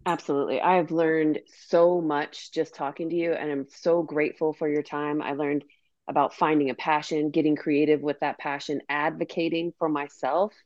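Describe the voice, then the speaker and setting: A woman's voice: low voice, level tone, normal speed, a little mellow, no room sound, muffled recording. A woman hosting a podcast, closing the interview with earnest thanks and appeals to listeners. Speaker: podcast host.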